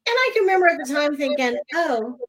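Middle-aged woman guest, animated storyteller, slightly high voice, laughs as she talks. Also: quick pace, low-quality recording. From Oklahoma. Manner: animated, laughs between lines, acts out quoted voices. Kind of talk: personal storytelling in conversation.

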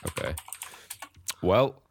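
A man's voice: very slow, slight background noise. A man co-hosting a podcast in casual chat, reading out online reviews with a dry manner and frequent laughter. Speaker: podcast co-host.

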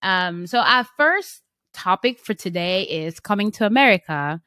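A woman hosts a relaxed podcast chat, and her voice jumps up and down as she teases and laughs with her co-host. Her pitch is mid-range. The sound is dry and close, with no room around it. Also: a little slow, no echo. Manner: animated, laughs easily, teasing.

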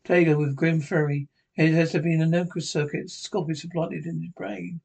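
Halting man retelling a TV episode. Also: on the high side, flat delivery, creaky, a little mellow, slightly rough, rough recording. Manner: halting reading with restarts. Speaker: podcast narrator.

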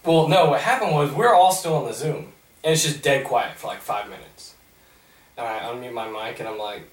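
A young man on a podcast, retelling a story in a rambling, animated way. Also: medium pitch, normal speed. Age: young adult. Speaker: podcast host. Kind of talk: casual storytelling. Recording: roomy, mic at a distance.

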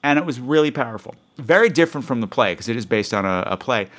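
A man's voice: mid-range voice, animated, quick pace, a bit bright. Rambling, self-mocking man on a podcast. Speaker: podcast host. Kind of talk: casual podcast monologue.

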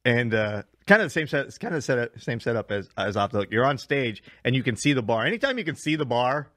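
A man's voice: mid-range voice, animated, fast talker, a bit bright, dry recording, clean studio sound. A man who is a stand-up comedian and podcast host, telling rambling road stories in casual chat, swearing and laughing often.

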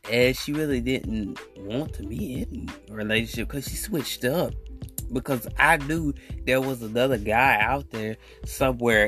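Young male podcaster, rambling slangy storyteller, mid-pitched voice over soft music. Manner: animated, slangy, rambling, acts out quotes. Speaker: podcast host. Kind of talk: casual storytelling monologue.

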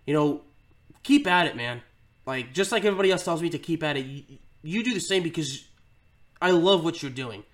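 A man's voice: a little high, lively intonation, fairly quick, fairly bright tone. A man of thirty hosting his own podcast, talking in a rambling, emotional way and often repeating words. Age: 30s. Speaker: podcast host. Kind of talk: heartfelt casual monologue.

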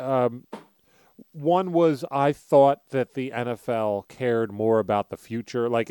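Philly-accented male podcast co-host, brash and profane, smooth clear voice, dry close sound. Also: medium pitch, a little mellow, no echo. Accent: Philadelphia. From Philadelphia. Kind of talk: casual sports betting chat.

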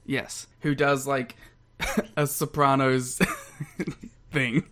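A young man co-hosting a podcast in casual banter, laughing often and throwing in quick asides. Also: medium pitch, level tone, a bit bright. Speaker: podcast co-host.

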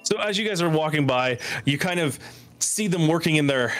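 Halting man narrating as game master. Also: a little high, lively intonation, a bit bright, faint music behind. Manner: halting, many fillers.

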